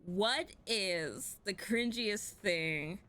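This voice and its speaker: A woman hosting an online comedy panel in casual chat, talking fast and loose with lots of fillers and laughs. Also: mid-range voice, bright, forceful tone, soft background music. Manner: chatty, laughs often, many "like" fillers. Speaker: panel host.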